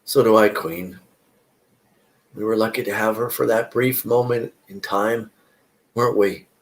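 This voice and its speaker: Man playing tired dutiful doctor, earnest, slow, low-pitched, solo play reading. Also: fairly even intonation. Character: a weary small-town doctor, earnest and dutiful.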